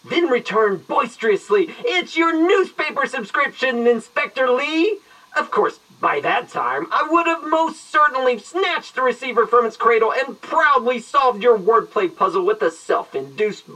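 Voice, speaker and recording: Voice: mid-range voice, sharp tone, distant mic, exaggerated voice, rough recording. An actor doing a pompous, long-winded retired detective. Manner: long-winded, verbose and mock-grand. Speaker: detective on an answering machine greeting. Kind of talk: audio drama acting.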